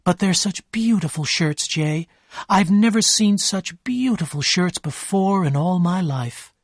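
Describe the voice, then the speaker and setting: A man voicing an excitable, tearful young woman who gushes in breathless exclamations in a read-aloud story. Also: a little high, a little slow, dry recording, clean studio sound. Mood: gushing.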